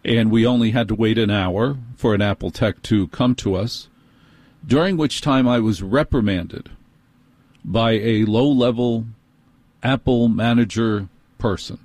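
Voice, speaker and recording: A middle-aged man telling an exasperated comic story in a fast, animated monologue. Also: lowish voice, dry recording.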